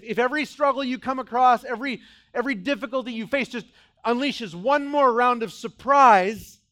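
Preaching a sermon, this middle-aged pastor voices different characters and moves back and forth from booming outbursts to low, hushed stretches.

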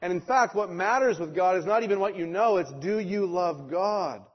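A male pastor delivering a sermon with a fairly high voice. He preaches emphatically, with rhetorical questions and mock quotes. The recording sounds dull and lo-fi. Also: moderate pace, breathy edge.

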